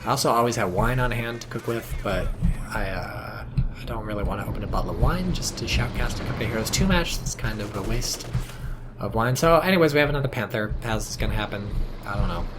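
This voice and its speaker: A man casually casting a strategy game match, chatty and sardonic, with sudden excited outbursts. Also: lowish voice, fast. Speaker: game commentator. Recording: noticeable background noise.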